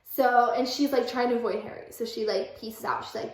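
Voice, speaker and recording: A woman's voice: a little high, level tone, moderate pace, few pauses. A young woman vlogger, giggly and full of fillers, casually reading aloud and retelling a story. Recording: echoey room.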